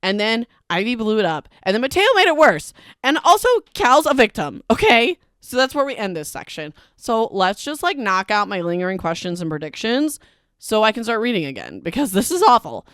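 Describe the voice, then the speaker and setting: A woman's voice: mid-range voice, sing-song, a little fast, fairly bright tone, no room sound, studio quality. A woman hosting a casual book recap podcast, talking in a chatty, emphatic way and filling her speech with "like". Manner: chatty and emphatic, heavy use of "like". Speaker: podcast host.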